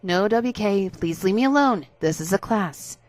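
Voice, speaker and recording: A woman's voice: medium pitch, animated, normal speed, dry recording, close to an everyday voice. A woman playing a furious fed-up student. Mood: annoyed. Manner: shouting angrily, far from the mic.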